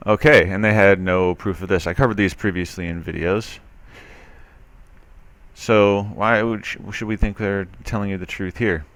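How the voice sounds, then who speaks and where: A man's voice: deep voice, steady tone, normal speed, a bit bright, dry recording. A man reading a news article aloud and commenting on it, skeptical and sarcastic, with loose talk full of fillers. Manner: loose, with frequent fillers and restarts. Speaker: commentary video host.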